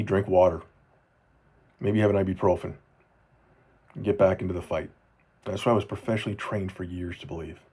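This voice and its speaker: Dad in his 40s doing a video journal for his kids, deep husky voice, earnest, goes soft a lot. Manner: earnest, heartfelt, often drops to a soft low voice; repeats phrases for emphasis. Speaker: father speaking to his children.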